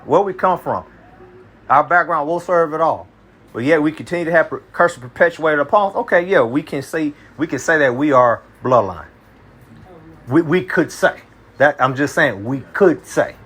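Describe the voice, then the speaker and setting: A man's voice: on the high side, fairly bright tone, breathy edge. A man from Kentucky leading a small group Bible study in a casual, slangy way, often checking that listeners follow him. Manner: slangy, conversational, often asks "you see what I'm saying".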